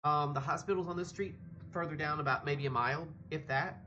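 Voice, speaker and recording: A man's voice: on the high side, fairly quick, muffled recording, background noise. A man talking in a rambling, hesitant way with fillers, heard over remote audio. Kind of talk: casual chat.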